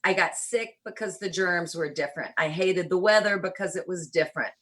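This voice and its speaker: A woman's voice: lowish voice, husky, low-quality recording. Woman with a faint Southern lilt. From rural Kentucky, USA. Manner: animated storyteller, shifts between quick and slow, deliberate phrasing. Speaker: guest, church planter. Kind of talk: conversational interview storytelling.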